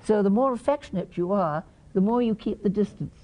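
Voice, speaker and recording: A woman's voice: medium pitch, brisk, dull audio. A woman with an English accent giving a conference lecture, quizzing the audience and acting out short examples. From England. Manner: questions the audience and acts out examples. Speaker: conference presenter.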